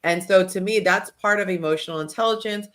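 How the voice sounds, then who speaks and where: Animated woman hosting a chat podcast. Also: medium pitch, fairly quick. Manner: animated storytelling, acts out quotes. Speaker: podcast host. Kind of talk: casual panel chat.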